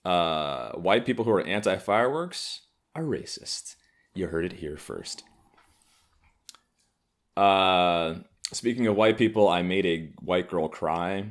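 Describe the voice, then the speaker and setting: Guy in his 30s doing a solo comedy podcast, low voice but jumping all over, sardonic and swearing a lot. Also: animated, slow pace, long pauses. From Harlem, New York. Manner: sardonic, profane riffing. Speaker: podcast host.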